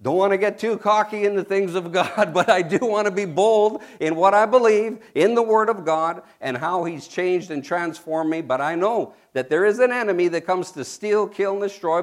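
A man's voice: high-pitched, normal speed, hardly any pauses. A man preaching a sermon, emphatic and emotional, calling out for the congregation to respond and spelling out key words. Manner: laughs and tears up when moved.

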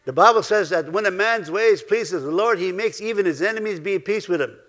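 High-voiced man preaching a lively sermon. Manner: animated, swings between loud exclamations and soft asides; halting, repeats words and restarts.

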